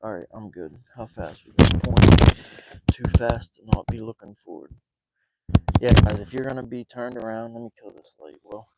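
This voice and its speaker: Excited man on a fishing boat. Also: fairly low pitch, normal speed, creaky, very noisy. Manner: excited, rambling, breathing heavily. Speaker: fishing vlogger. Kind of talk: live outdoor fishing vlog. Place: on a small boat outdoors at night.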